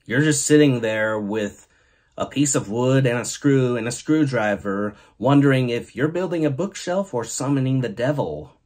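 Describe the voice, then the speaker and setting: A man's voice: mid-range voice, normal speed, darkish tone. A male host giving a laid-back comedic monologue and reading silly fill-in-the-blank stories aloud. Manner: joking, laid-back storytelling; reads mad-lib stories aloud. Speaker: podcast host.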